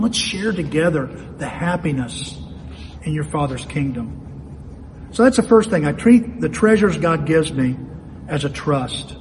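A man preaching in a church in a fairly high voice, chatty and storytelling, often turning to ask his listeners questions directly. His voice trails off into a long hall reverb, with a faint hiss underneath. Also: darkish tone. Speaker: pastor. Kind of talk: sermon with storytelling. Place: church sanctuary.

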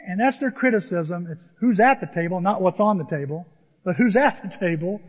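A male pastor preaching a sermon, animated and acting out the people he quotes. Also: sits high, brisk. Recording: dull sound in a large reverberant hall.

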